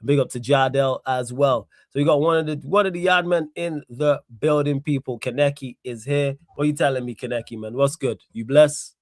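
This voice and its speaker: Energetic man hosting a football stream. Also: medium pitch, brisk, hardly any pauses, no room sound, clean studio sound. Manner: energetic, rattles off viewer shout-outs in street slang. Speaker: host. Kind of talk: live football talk stream.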